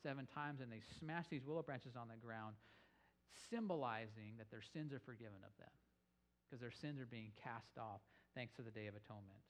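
Speaking briskly at a medium pitch, a man preaches a sermon on scripture. As a pastor teaching, he narrates the story with animation and lifts his voice to stress points.

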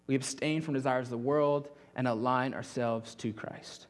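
A young adult man preaching a sermon as pastor, earnest, often dropping his voice softly at the ends of phrases. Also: medium pitch, steady tone, moderate pace, hardly any pauses. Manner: earnest, drops to a soft near-whisper at phrase ends.

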